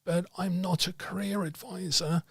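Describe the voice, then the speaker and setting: A man's voice: high voice, fairly even intonation, normal speed, creaky, a bit bright, husky, no room sound. A man teaching tarot reading in a livestreamed talk, thoughtful and hesitant, with many fillers and restarts.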